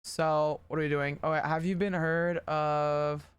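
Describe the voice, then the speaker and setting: A woman's voice: deep voice, flat delivery, takes it slowly, clear, resonant tone, no room sound. A woman livestreaming, chatting casually with her viewers in a blunt, rambling way and swearing often. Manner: blunt, swears a lot, rambles and talks to chat.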